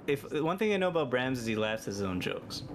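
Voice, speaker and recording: An enthusiastic man jokes through a casual gaming chat, sometimes slipping into a mock announcer's patter. His mid-pitched voice moves in lively leaps. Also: fast talker, noisy background.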